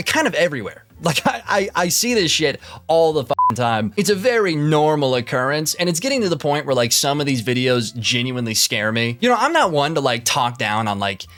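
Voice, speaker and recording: A man's voice: fairly high pitch, sing-song, brisk, hardly any pauses, fairly bright tone, soft background music. A man giving casual reaction commentary, rambling and swearing often, with many fillers and restarts. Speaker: commentary YouTuber.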